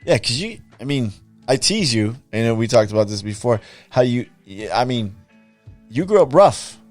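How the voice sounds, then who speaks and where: A man's voice: mid-range voice, normal speed, faint music behind. A man hosting a podcast, chatting casually and restarting his words. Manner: relaxed, stammering restarts. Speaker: podcast host. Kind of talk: casual interview chat.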